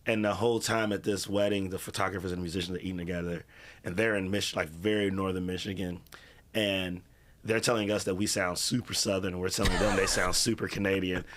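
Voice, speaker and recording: A man from Cincinnati in a casual podcast conversation, agreeable and quick to laugh while telling stories. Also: low voice, little pitch movement, a bit bright, a little hiss or hum. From Cincinnati, USA. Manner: agreeable, laughs often, storytelling.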